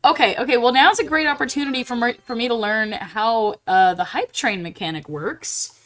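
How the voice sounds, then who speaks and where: A young woman streaming live while drawing, chatting casually and getting bubbly and squealy when excited. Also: fairly high pitch, normal speed.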